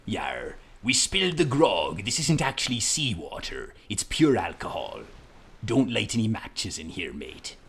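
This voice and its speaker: A man voicing a gruff, boozy male pirate who talks in salty sea-dog slang over a video game. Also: fairly low pitch, sing-song, unhurried, fairly bright tone, heavily acted. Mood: swaggering.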